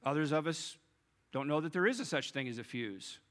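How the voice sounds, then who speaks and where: Casting: male pastor, bright and forceful, a bit high, chatty preaching. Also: animated, a little fast. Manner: conversational, addresses the congregation directly. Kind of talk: sermon.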